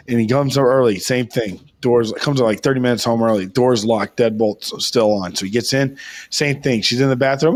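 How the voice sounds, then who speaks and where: A young man with a mid-range voice, speaking at a moderate pace, co-hosts a podcast and tells a long, rambling, profane story. He keeps insisting the whole thing is true.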